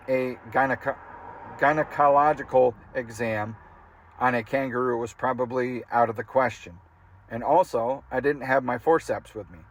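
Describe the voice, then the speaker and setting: Guy reading a funny memoir out loud, easygoing, mid-pitched, chuckles at the text sometimes. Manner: casual, amused reading that breaks into laughter. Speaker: audiobook reader.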